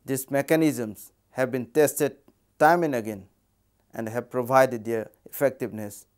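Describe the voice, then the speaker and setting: A man with an Indian English accent gives a measured academic lecture, reading from prepared text. His voice is mid-range and his intonation fairly even.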